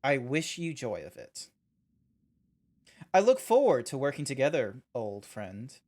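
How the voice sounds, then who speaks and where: A man's voice: on the high side, sing-song. An Australian man reading as a solemn archaic clone. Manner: slow, measured, formal old-fashioned phrasing. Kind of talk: reading game dialogue aloud on stream.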